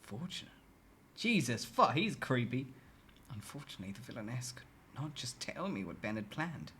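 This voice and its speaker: A streamer reading a story game aloud and reacting with loud, swearing outbursts. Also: mid-range voice, sing-song, normal speed, slight background noise.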